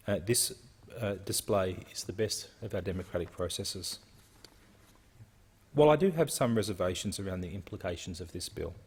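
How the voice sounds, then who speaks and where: A man's voice: lowish voice, a little mellow, breathy edge. A man, a member of parliament giving an earnest, reflective speech with occasional hesitations. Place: parliament chamber. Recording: long reverb of a large chamber.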